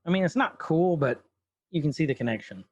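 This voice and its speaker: A man on a casual chat podcast rambles through an episode recap, stopping often to clear his throat. He sounds congested, and his voice sits a touch high. The recording is close and dry, with no room sound. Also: expressive, brisk, darkish tone, no echo, highs cut off. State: congested from pollen. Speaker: podcast co-host.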